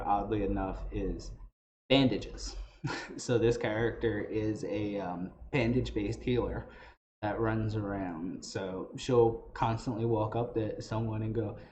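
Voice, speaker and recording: Low, mellow-voiced man explaining accents. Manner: explanatory, loose phrasing with restarts. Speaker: tabletop game master teaching voices. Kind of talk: casual tutorial talk. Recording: dull lo-fi audio with faint noise.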